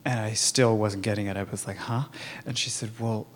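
A man telling his own recovery story in a candid, halting way, with many fillers and restarts. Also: on the low side, fairly even intonation, slight background noise. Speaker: recovery program member sharing his story. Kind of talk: personal testimony, conversational.

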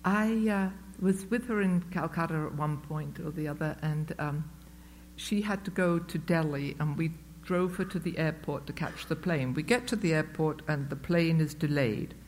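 At a recovery meeting, a woman shares a personal story with a live audience in the room, chatty and self-mocking, with many fillers and restarts. Her low voice is a little mellow at a moderate pace, with a little hiss or hum.

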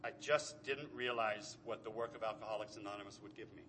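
A man's voice: lowish voice, steady tone, brisk, pushed and bright, a little hiss or hum. A middle-aged man giving an earnest, emotional personal recovery share. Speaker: speaker at a recovery meeting.

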